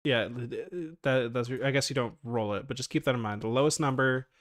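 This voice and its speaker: A man's voice: medium pitch, steady tone, a little fast, no echo. Casual man running a tabletop game. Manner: casual, laughing, lots of fillers and restarts. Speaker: game master.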